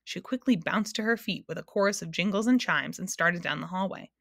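Lady reading a kids book out loud, calm, pretty dry sound. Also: on the low side, brisk, creaky, hardly any pauses, dry recording. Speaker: narrator. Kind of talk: storybook reading aloud.

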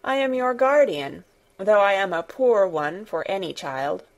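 A woman voicing a tired, distracted middle-aged gentleman who speaks in a worried, absent-minded way. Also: medium pitch, expressive, unhurried. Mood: weary.

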